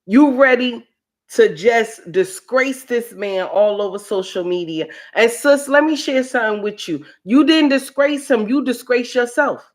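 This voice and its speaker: Slow, preachy woman on a livestream. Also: on the high side, lively intonation. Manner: preachy, repeats lines for emphasis. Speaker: livestream host. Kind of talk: casual commentary livestream.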